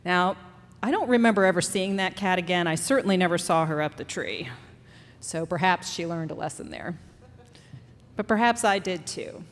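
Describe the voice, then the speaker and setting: A woman telling a personal story on stage at a live storytelling event, animated and at times swept up in emotion. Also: lowish voice, moderate pace. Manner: animated, building to emotional outbursts. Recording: live stage with hall reverb.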